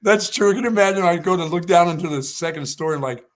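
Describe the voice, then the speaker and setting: A man's voice: high voice, fast. A man from Pennsylvania, hosting a sports talk show, telling a story in casual chat and laughing often. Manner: animated storyteller, laughs a lot.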